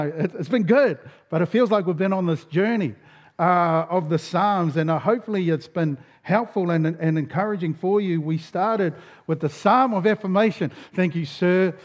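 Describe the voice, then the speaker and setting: A man's voice: sits high, normal speed. A man, a pastor giving a sermon in a casual storytelling way, with a tired voice full of fillers and restarts. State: voice going. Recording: dull lo-fi sound.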